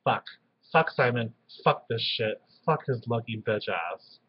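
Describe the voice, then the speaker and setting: A man's voice: mid-range voice, lively intonation, unhurried, breathy edge. A man in a game confessional, frustrated and swearing about being nominated. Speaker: online reality game player. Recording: dull lo-fi audio, dry.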